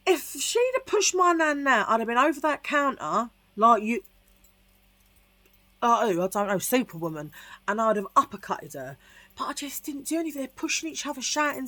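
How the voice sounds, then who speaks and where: A woman's voice: a little high, sharp tone, no echo. A middle-aged woman from Tottenham with a London accent, telling a rambling personal story in casual vlog chat with lots of asides. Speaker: vlogger.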